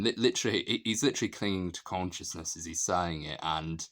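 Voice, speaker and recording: A man's voice: low-pitched, fast talker, fairly bright tone. A man talking casually and enthusiastically through a film's scenes, laughing as he retells the jokes. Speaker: film reviewer. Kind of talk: casual film analysis.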